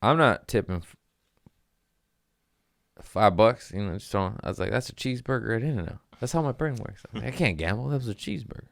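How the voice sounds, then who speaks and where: Low-voiced man hosting a comedy podcast, loose and profane, slipping into silly voices for the people in his stories; dry close mic. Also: animated, fairly quick, vocal fry, no echo. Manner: profane, jumps into goofy voices for quoted people. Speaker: podcast host reading listener messages. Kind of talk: casual comedic podcast chat.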